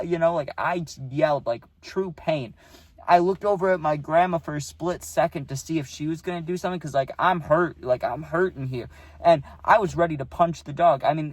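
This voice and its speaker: A man's voice: on the high side, a little mellow, no echo. A man telling a personal story straight to the camera in a loose, chatty way, dropping "dude" and "like" all through his talk. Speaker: storytime vlogger.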